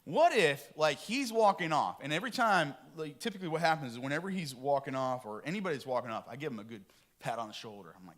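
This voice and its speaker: A middle-aged man preaching a lively, joking sermon to his congregation in a church. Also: mid-range voice, a little fast. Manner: animated, joking and talking with the congregation. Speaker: pastor. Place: church sanctuary.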